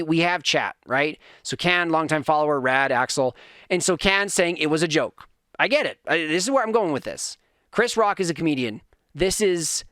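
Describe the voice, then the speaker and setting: A man's voice: on the high side, dry recording. Chatty man hosting a dry podcast. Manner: animated, chatty storytelling with asides to chat. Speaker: podcast host and father. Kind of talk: casual podcast rant on a livestream.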